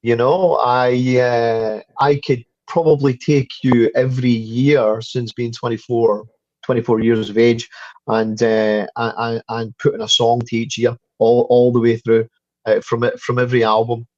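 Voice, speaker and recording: A man's voice: medium pitch, little pitch movement, a little slow, a little mellow, dry recording, dull audio. A Scottish man in his fifties, a guest telling a story in casual conversation, full of stuttered restarts and the odd swear. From Scotland. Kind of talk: casual interview chat.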